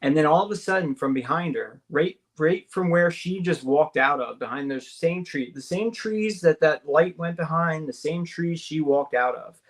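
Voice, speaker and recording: A man, a guest on a radio show, tells an experience of his own in an animated way, filling his talk with "like" and "right?" and raising his voice to act out the people he quotes. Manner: excited, repetitive, uses many fillers and tag questions; acts out the quoted voices, jumping higher for them. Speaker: guest recounting an abduction experience. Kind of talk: animated personal storytelling. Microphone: call-in or studio mic on a talk radio show.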